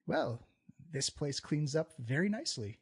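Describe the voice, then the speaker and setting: Guy doing a polite fire-skinned gent on a date, kinda awkward, slightly high voice. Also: lively intonation, a little slow, husky. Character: smoldering fire-skinned gentleman, polite and formal.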